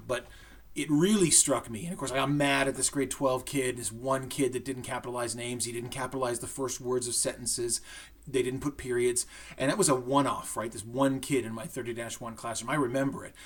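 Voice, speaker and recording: A middle-aged man, a high school English teacher giving a recorded lesson to his students in a conversational way, often checking in with "right?". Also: husky. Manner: conversational, with frequent "right?" check-ins and restarts.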